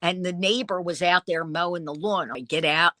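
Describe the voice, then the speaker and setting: A woman dealer tells her stories in a casual interview, jumping into quoted voices as she goes. Her tone is bright and cutting, a touch lower than most women. The sound is dry and close, with no room around it. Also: normal speed, no room sound. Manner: lively storyteller who acts out quoted dialogue. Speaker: vintage dealer and online seller.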